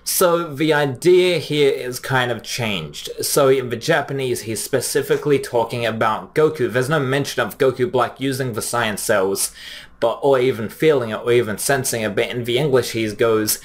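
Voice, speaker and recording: A young man giving casual, chatty commentary, often pausing with fillers and restarting his sentences. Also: mid-range voice. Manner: chatty, frequent fillers, restarts, reads quotes plainly. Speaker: anime commentary host. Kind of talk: casual commentary comparing dub lines.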